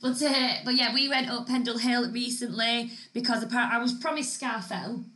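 A woman, co-hosting a podcast and telling stories in an animated way, acting out the dialogue. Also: a little high, moderate pace, echoey room. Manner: animated storyteller, acts out quoted dialogue. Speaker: podcast co-host. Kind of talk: casual chat.

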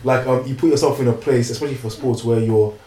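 A man co-hosting a podcast, teasing and animated in casual banter. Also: mid-range voice, fast. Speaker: podcast co-host. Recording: echoey room.

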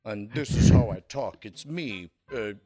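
A man doing a mocking impression of a podcaster in a flat, bored delivery, heard from a played clip. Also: fairly low pitch, a little slow, soft background music.

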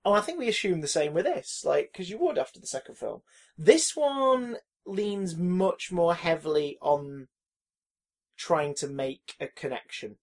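A man co-hosting a casual film podcast, animated and profane, acting out reactions with loud exclamations. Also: a little high, a little slow. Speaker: podcast co-host.

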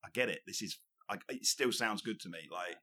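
A man's voice: deep voice, a little fast, crowd noise. A man hosting a podcast, chatting casually and rambling, swearing often and checking in with "do you know what I mean". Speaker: podcast host. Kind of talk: casual chat.

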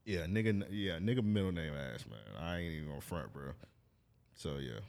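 A man with a very deep, low voice holds up his end of a podcast with relaxed, slang-heavy banter. He sounds like he is in his thirties and jokes easily with his co-host. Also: moderate pace. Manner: laid-back, joking, heavy slang. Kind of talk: casual chat.

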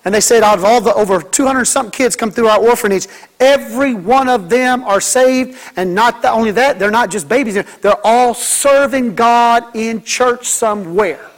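A man's voice: extremely high pitch, moderate pace. A man preaching a sermon as pastor, folksy and joking, mimicking kids and church members.

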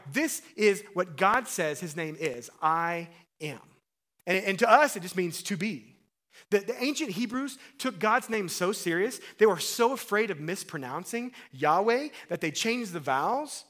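A man delivering a sermon with an animated style and a voice sitting a little higher than most men's. He acts out the Bible figures he quotes, then sinks into a low, hushed delivery for emphasis. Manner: drops to a low hush for emphasis. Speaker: pastor.

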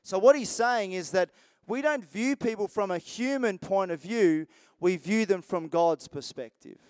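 A man's voice: high voice, animated, a little slow, darkish tone, smooth, no room sound. A man preaching a sermon as pastor, talking in a conversational, rambling way with restarts and asides.

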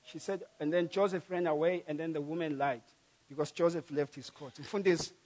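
A man preaching a sermon emphatically, repeating key phrases and swinging from loud to soft. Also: a little high, steady tone, brisk.

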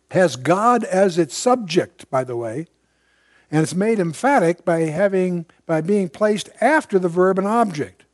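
High-voiced older man teaching Bible. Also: darkish tone, no echo, studio quality. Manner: conversational, digressive, emphatic asides. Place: room with a live audience.

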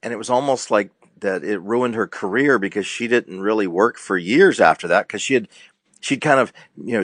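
A middle-aged man, a counselor, talking earnestly in a preacher-like way, slowing down and speeding up for emphasis. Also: mid-range voice, dry recording, clean studio sound. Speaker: counselor, show guest. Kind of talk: casual faith-based talk.

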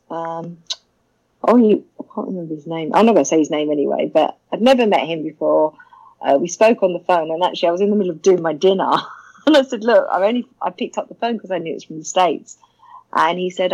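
A woman's voice: mid-range voice, big pitch swings, fairly quick, darkish tone, rough recording. A woman, chatting as a podcast guest, rambling and laughing often. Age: 50s. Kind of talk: casual chat.

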